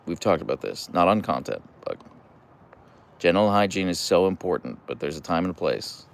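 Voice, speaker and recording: Young guy rambling on a live stream, real low voice that still jumps around a lot, lots of ums and restarts. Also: expressive, fairly quick, gravelly. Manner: rambling and chatty, full of fillers and restarts; reads and answers viewer chat comments. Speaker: dog owner livestreaming his huskies. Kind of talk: casual livestream chat. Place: at home, on a deck by his dogs.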